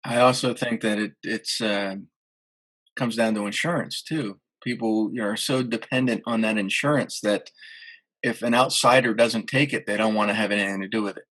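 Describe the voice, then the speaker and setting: A man's voice: lowish voice, fairly even intonation, moderate pace, fairly bright tone, rough recording. A man hosting a casual interview, speaking earnestly with small hesitations. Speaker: interview host.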